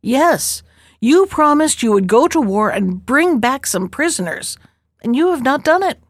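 A woman's voice: sits high, very animated, dry recording, voice pushed up, heavily acted. A woman voicing a nervous young husband who speaks hurriedly. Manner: hurried, anxious.

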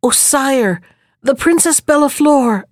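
A woman's voice: high voice, lively intonation, takes it slowly, no echo, studio quality, voice pushed up. A woman doing a sly, wheedling young courtier. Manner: sly, wheedling, feigning fear. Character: spiteful envious young male courtier.

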